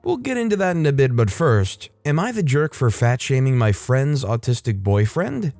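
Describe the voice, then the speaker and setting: A man with a relaxed, mellow voice reads online posts aloud as a channel host. He moves quickly between the story and his own wry remarks. Faint music plays behind him. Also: mid-range voice, no room sound.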